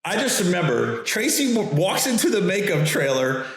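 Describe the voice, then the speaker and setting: A man, a comedian and host, telling a story in a casual, animated way, acting out the voices of others and laughing often. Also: high voice, normal speed, very echoey.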